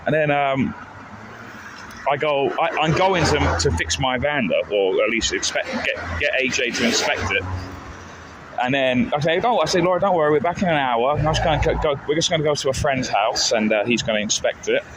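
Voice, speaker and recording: Man, middle pitch, rambling live-stream storyteller, loud street noise behind. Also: lively intonation, brisk. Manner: rambling and jokey, with many restarts. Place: outdoors on town streets. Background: traffic and street ambience.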